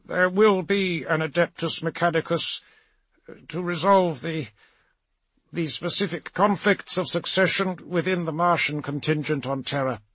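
A man playing a frightened, ashen male high lord who concedes in a slow, faltering mumble. The voice sits higher than the narration, husky, and is recorded dry and close. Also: a bit bright, dry recording. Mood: cowed.

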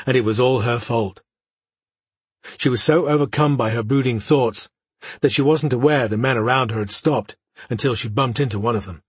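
A man narrating a fantasy audiobook in a steady, even storytelling voice. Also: medium pitch, breathy edge, no echo.

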